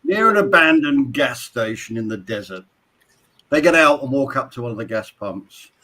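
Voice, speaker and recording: A man's voice: medium pitch, moderate pace, rough recording. A man co-hosting a live drone show, telling a joke aloud. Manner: lively joke-telling with voices. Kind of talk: live-stream casual chat.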